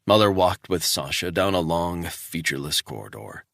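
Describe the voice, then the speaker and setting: A male audiobook narrator with a very deep, gravelly voice. He tells the story in steady, measured scripted narration with lively movement in his pitch. The recording is close and completely dry. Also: dry recording.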